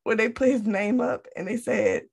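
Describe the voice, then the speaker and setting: A woman co-hosting a casual chat, excitable and quick to laugh. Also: fairly high pitch, gravelly, slightly rough. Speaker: podcast co-host.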